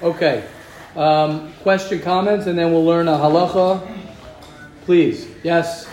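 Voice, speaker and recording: A man's voice: fairly high pitch, fairly even intonation, slow pace, darkish tone. A man teaching an informal religious class, effusive with praise and repeating phrases as he talks. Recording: echoey room with faint noise.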